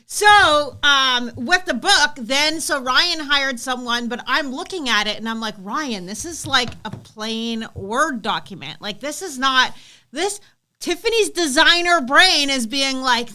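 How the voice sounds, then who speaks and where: High, bright-voiced teasing woman co-host. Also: a little slow. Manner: chatty, teasing, lively. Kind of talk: casual live-stream chat.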